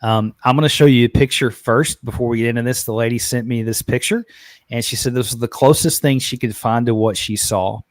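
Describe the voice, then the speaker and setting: A man hosting a live podcast, chatting casually and excitedly, often repeating words as he goes. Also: mid-range voice, a little fast, dry recording. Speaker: podcast host. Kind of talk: casual live-stream chat.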